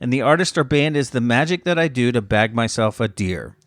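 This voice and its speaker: Hombre bromista en charla casual. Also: male voice, mid-range voice, lively intonation, a little fast, dry recording. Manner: playful, teasing. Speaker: podcast co-host. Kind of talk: casual chat.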